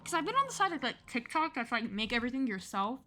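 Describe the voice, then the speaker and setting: A woman's voice: on the high side, big pitch swings, quick pace, pushed and bright, slight background noise. A young woman hosting a gaming channel who rambles chattily through stories while she plays and laughs often. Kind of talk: casual chat over gameplay. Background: game music.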